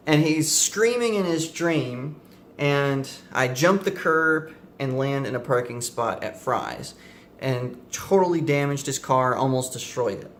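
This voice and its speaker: A man's voice: medium pitch, expressive, slow pace, a bit bright, slight background noise. A young man vlogging, telling a casual story to the camera in a rambling way with many fillers and self-corrections.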